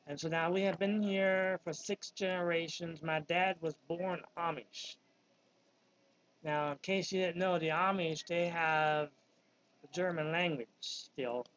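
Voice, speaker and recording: A man's voice: a little high, fairly even intonation, a little slow, fairly bright tone. A man in his fifties from Virginia with a Southern accent, talking casually and wandering off topic with many ums. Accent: Southern American (Virginia). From Virginia, USA. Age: 50s. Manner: rambling, digressive, with many ums. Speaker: vlogger. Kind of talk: casual monologue. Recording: dull lo-fi recording.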